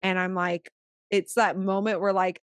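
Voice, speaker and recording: A woman co-hosting a podcast, a new mother telling a story in a casual, chatty way, full of "like" and swinging between hushed and excited. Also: mid-range voice, measured pace, clean tone, dry recording, clean studio sound. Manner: chatty, fills speech with "like"; animated, shifting from hushed to excited. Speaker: podcast co-host.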